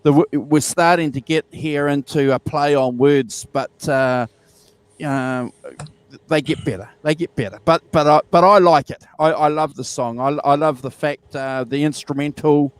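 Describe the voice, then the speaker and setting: A man's voice: fairly high pitch, normal speed, smooth, no room sound. A man, co-hosting a casual album review chat, enthusiastic and repeating himself with many fillers. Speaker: podcast co-host.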